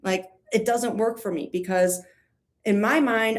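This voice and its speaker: A woman talks through a courtroom story in a loose, rambling commentary. She sounds sarcastic and lively, and her speech is packed with fillers. Her voice sits a little high. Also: a little slow. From New York. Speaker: true-crime commentator. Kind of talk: casual commentary stream.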